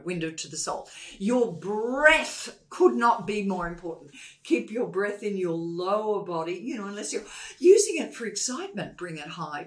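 A woman speaking as a guest expert in a conversational interview. She is emphatic and animated, often repeating a point two or three times to drive it home. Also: on the low side.

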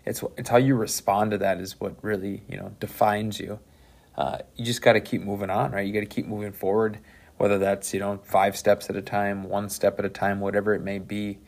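Easygoing teacher with a low voice. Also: male voice, a little fast, creaky. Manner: relaxed, encouraging, many fillers like "you know" and "right". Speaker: teacher and podcast host. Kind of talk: casual interview with a student.

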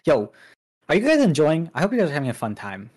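A man's voice: on the high side, wildly swooping pitch, fast talker, a little mellow, breathy edge. Loose, rambling young streamer guy. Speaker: streamer guest. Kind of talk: casual livestream chat.

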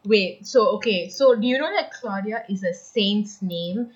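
A woman's voice: mid-range voice, unhurried, slightly rough. A young woman co-hosting a casual podcast chat, rambling and giggly with lots of fillers, on muffled home audio. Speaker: podcast co-host.

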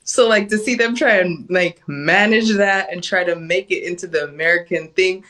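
A woman's voice: on the low side, normal speed, fairly bright tone. A woman from the West Indies, a guest on a podcast, chatting casually and laughing often as she explains. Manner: laughs often, playful, breaks into mimicry. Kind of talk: casual chat.

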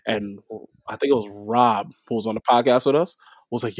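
A man co-hosting a podcast, an animated storyteller in casual group chat who laughs easily. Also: medium pitch, a little fast, no room sound, clean studio sound. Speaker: podcast co-host.

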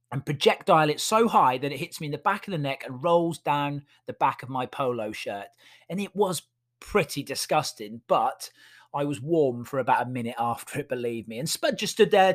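Guy hosting a podcast, chatty and amused, lots of ums, just telling funny stories. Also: on the high side. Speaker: podcast host and dog walker. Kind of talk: casual storytelling.

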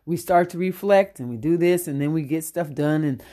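A woman's voice: low voice, moderate pace, mellow. A middle-aged woman hosting a dating-coach podcast, delivering a brash, profane comic rant and laughing often.

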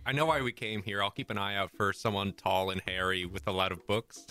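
A woman's voice: very deep voice, fairly even intonation, a little fast, a bit bright. A woman playing a tabletop role-playing game, tossing in wry joking asides. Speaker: player. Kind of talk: casual play at a tabletop game.

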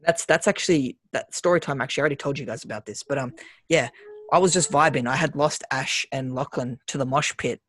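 A man's voice: mid-range voice, fast talker, a bit bright, slight background noise. A young Australian man hosting a casual chat over a video call and telling stories, chatty and laughing often. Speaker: podcast host.

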